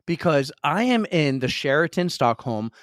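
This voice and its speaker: A man co-hosting a podcast from a hotel conference room, telling stories in a loud, excitable, energetic way. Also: fairly high pitch, normal speed, no echo, clean studio sound. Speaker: podcast co-host. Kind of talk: casual chat. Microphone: computer setup.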